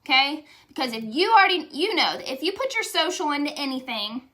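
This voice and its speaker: A woman's voice: high voice, sing-song, brisk, pushed and bright. A young woman giving a candid, emotional motivational testimonial, chatty and saying y'all. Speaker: direct sales leader.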